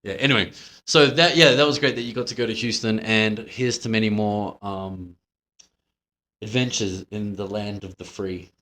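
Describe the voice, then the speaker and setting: A man's voice: lowish voice, steady tone, normal speed, pushed and bright. A man co-hosting a podcast in casual chat, laid-back, swearing freely and laughing often. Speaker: podcast co-host.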